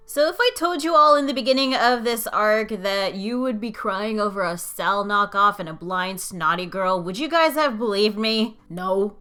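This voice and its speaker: A woman's voice: on the high side, moderate pace, sharp tone, clean tone. A young woman hosting a video, reading fan comments in an emotional, swearing, half-sobbing manner.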